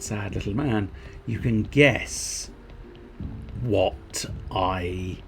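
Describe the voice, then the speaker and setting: A man's voice: sits low, background noise. A man streaming a game, rambling and mocking himself in casual chat. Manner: rambling, self-mocking, giggly.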